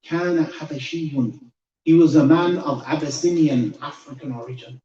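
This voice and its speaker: A man's voice: fairly high pitch, warm tone. A man preaching a sermon, telling a story with rising emotion in a large hall. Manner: emotional, building intensity. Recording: echoey hall, distant dull mic.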